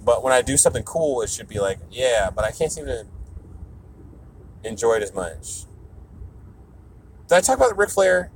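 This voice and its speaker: A stand-up comedian talks to himself on the road in a loose, profane ramble. His pitch leaps around with every aside and mock voice. A vehicle hums behind him. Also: slight background noise. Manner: animated, profane, jumps into mock voices and broken French. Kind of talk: rambling road-trip podcast monologue.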